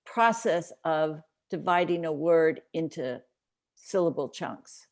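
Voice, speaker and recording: A woman's voice: low-pitched, slow. A woman on a parent panel explaining, step by step and in a practical way, how to teach children to break words into syllables. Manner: practical, explains steps in order. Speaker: reading specialist panelist. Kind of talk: casual panel discussion.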